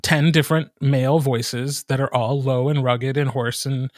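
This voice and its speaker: A man's voice: medium pitch, steady tone, normal speed, crowd noise. A man audiobook narrator from the Midwest with a light Midwestern accent, chatting thoughtfully on a panel and posing questions to the group. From American Midwest. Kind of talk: casual panel chat.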